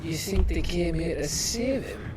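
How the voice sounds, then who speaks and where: An actor voicing a blunt, gruff male fighter companion in a video game, who swears freely. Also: on the high side, lively intonation, unhurried, crowd noise. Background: game music.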